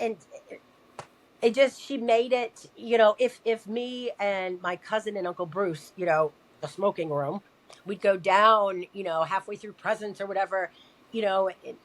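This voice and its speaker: A woman guest telling a personal story in conversation, animated and acting out quoted dialogue. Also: medium pitch. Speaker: podcast guest.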